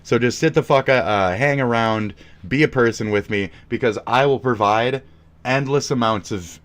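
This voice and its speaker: A young man live-streaming, reading chat and reacting with profane, mocking remarks and loud taunts. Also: lowish voice.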